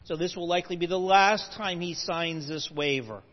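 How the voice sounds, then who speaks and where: The recording is muffled and lo-fi, with a long hall reverb trailing a man's high voice. He lectures a live audience at normal speed, explaining patiently and stopping for asides and corrections of himself.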